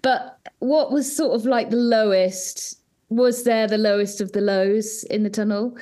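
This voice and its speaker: A woman's voice: medium pitch, fairly even intonation, warm tone. A woman hosting a podcast, asking questions in a chatty, playful way. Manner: chatty, playful, quick to react. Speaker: podcast host. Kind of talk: casual interview chat.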